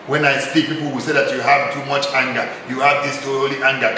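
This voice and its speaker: A man's voice: medium pitch, flat delivery, a little fast, pushed and bright. A man with a Nigerian accent, a charity founder interviewing a couple at his home, speaking in a fervent, preacher-like way with repeated emphatic lines. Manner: fervent, repetitive, rising to emphatic outbursts. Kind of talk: impassioned preacher-like address. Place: his own house. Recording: very echoey room, mic far off, faint noise.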